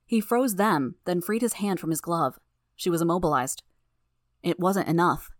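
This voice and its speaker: Brief: woman audiobook narrator, slightly low voice, measured first-person storytelling, dry recording. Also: no echo.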